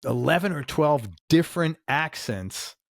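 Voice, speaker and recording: A man hosting a casual interview, supportive and halting, giving short affirmations. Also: on the high side, lively intonation, gravelly. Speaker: interview host.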